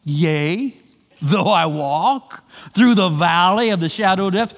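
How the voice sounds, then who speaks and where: A male pastor delivering a sermon, swinging between loud emphatic lines and quiet drawn-out phrases. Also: animated, big-room sound. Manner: preaching with wide swings of pitch and volume, slowing for emphasis.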